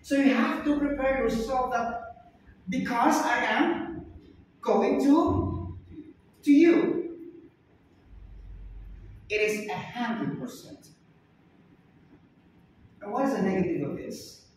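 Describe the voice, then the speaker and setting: A male English teacher giving a classroom lesson, speaking loudly and emphatically, repeating points and pressing students to answer. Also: very high voice, expressive, slow, pauses often, a little hiss or hum. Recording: far-off echoey classroom recording.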